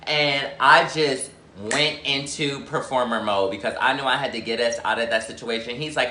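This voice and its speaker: A chatty man tells a storytime vlog with a bright, forceful voice. He fills his sentences with "like" as he retells the events, and the room around him echoes noticeably. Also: medium pitch, normal speed, hardly any pauses, slight background noise. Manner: chatty, heavy "like" fillers, animated retelling. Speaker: YouTuber.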